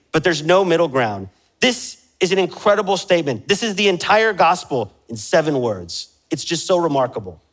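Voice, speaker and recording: A man's voice: fairly high pitch, a bit bright, rough recording. A man preaching a sermon as pastor, with passionate emphasis that rises and falls, asking the congregation direct questions. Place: church sanctuary.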